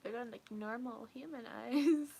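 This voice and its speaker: A young woman chatting casually with viewers in a relaxed, rambling way, often trailing off into a near whisper. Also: fairly high pitch, unhurried, gravelly, slightly rough. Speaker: ASMR streamer chatting with viewers. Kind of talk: casual soft-spoken chat.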